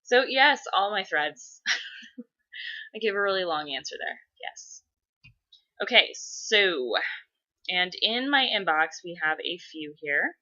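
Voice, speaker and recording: A woman's voice: medium pitch, animated, slow pace, pauses often, sharp tone. A young woman vlogging at home, chatting casually and profanely about fandoms and answering inbox questions. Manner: chatty, profane, giggly fan talk. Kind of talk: casual rambling chat. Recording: dull lo-fi webcam audio.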